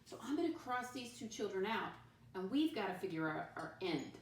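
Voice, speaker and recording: A woman teaching first graders, patient and teacherly, spelling words out slowly and calling her listeners "my friends". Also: mid-range voice, sing-song. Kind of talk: recorded classroom lesson for young children. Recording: roomy, voice from a distance, faint background noise.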